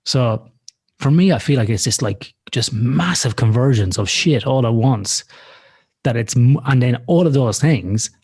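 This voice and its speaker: A man's voice: medium pitch, lively intonation, unhurried, darkish tone, husky. A man co-hosting a podcast in casual conversation, talking frankly and rambling through examples, with some swearing. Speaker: podcast co-host. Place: lives in Australia.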